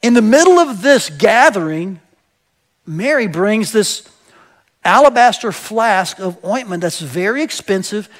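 A male pastor with a notably high-pitched voice delivers a sermon in a relaxed, conversational way. He talks directly to his church and makes his points with everyday examples. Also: unhurried. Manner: conversational, asks the congregation "right?"; explains with everyday examples and some hesitations.

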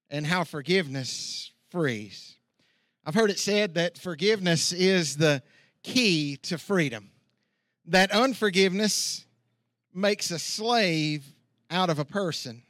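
A middle-aged man preaching a sermon outdoors, telling a folksy story with lively asides. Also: sits high, no room sound, clean studio sound. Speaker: pastor. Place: outdoor church service.

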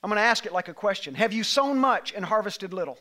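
Bright, high-voiced, impassioned male pastor. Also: lively intonation, fast. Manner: impassioned, building to near-shouts. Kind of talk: sermon. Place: church sanctuary with live congregation.

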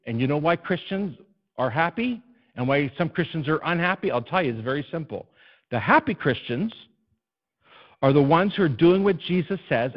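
In a church, a pastor preaches a sermon, moving between hushed, low passages and loud, soaring ones while often posing questions to the congregation. The audio sounds dull.

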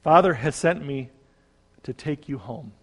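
A man voicing a gentle, patient eldest brother who speaks softly. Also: a little high, unhurried, slightly rough. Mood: pleading. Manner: soft-spoken, gentle. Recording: long reverb.

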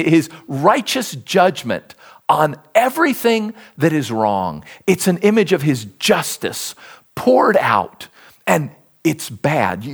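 A male pastor preaching a sermon, animated and emphatic, repeating key words for stress. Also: fairly high pitch, breathy edge.

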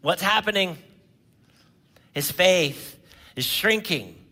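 A male pastor preaching with a high, bright voice. He swings from loud, stretched-out cries to near-whispered lines, and keeps asking the congregation questions. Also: expressive, takes it slowly. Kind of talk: sermon.

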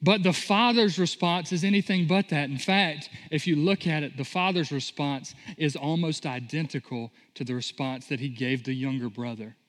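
Pastor guy in his 30s preaching, kinda high voice, lots of hall echo, acts out the story voices. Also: moderate pace, hardly any pauses. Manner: animated storytelling, acting out voices in quotes. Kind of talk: sermon. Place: church sanctuary. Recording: long hall reverb.

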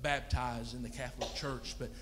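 A man's voice: mid-range voice, level tone, moderate pace, noisy background. A man preaching a sermon, telling a story in a folksy, plain-spoken way. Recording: long reverb in a hall.

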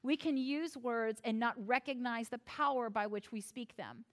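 Preaching at a moderate pace, a woman from the United States speaks in a high, bright-sounding voice. Her sermon is expressive and playful, with wry jokes at her own expense and small exchanges she acts out as quotes.

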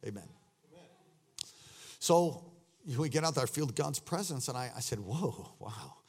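A man preaching a sermon as pastor, telling a story that swings from hushed tones to loud shouting. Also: medium pitch, expressive, moderate pace.

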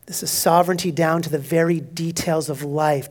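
A male pastor preaching an expository sermon, emphatic, swinging between loud declarations and hushed, near-whispered asides. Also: a little high, steady tone, normal speed.

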